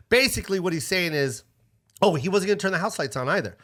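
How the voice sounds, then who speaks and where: A middle-aged man, a comedian guest, telling a story in a lively, profane way and acting out other people's lines. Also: sits high, fast. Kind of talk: casual storytelling.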